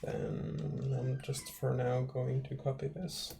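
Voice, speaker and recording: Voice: medium pitch, monotone, slow, dark tone. A game developer on a casual stream, thinking aloud while working at the computer. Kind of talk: casual dev stream chat. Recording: clear background music.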